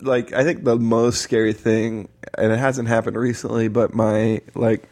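A man's voice: mid-range voice, flat delivery, unhurried, darkish tone. A man in his thirties co-hosting a podcast, telling rambling stories in casual chat and laughing as he talks. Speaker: podcast co-host.

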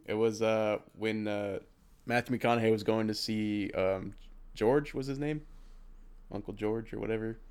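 A man's voice: lowish voice, steady tone, unhurried, darkish tone, clean tone. A man co-hosting a podcast, bluntly chatting about a film and laughing through his own stories. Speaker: podcast co-host. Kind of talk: casual movie review chat. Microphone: remote call microphone.

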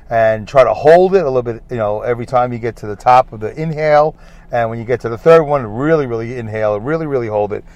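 A man's voice: mid-range voice, a little mellow, no echo. A man with a Brooklyn accent hosting a rambling solo podcast, chatty, repetitive and self-deprecating. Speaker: podcast host. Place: in a parked car.

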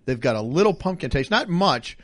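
A man hosting a casual chat, telling food stories in a chatty, animated way. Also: fairly high pitch, brisk, no room sound. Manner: chatty, lively storytelling with laughs. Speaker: podcast host.

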